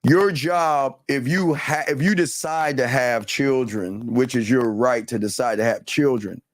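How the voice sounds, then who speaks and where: A man's voice: medium pitch, a little slow, dry recording. Ranting man in a dry, close sound. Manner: ranting, repetitive, blunt and profane. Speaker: host. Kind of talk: heated reaction commentary.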